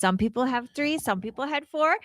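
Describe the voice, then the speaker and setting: A woman's voice: high voice, a little fast, no room sound, low-quality recording. A woman teacher on the school morning announcements, playful and joking with the children. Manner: playful, animated, tells jokes to children.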